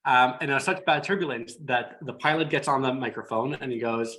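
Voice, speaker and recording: Speaking briskly with few pauses, a weary hypnotherapist appears as a guest in a relaxed group chat over video. His medium-pitched voice comes through poor audio with a little hiss or hum as he animatedly tells stories, performing the quoted lines.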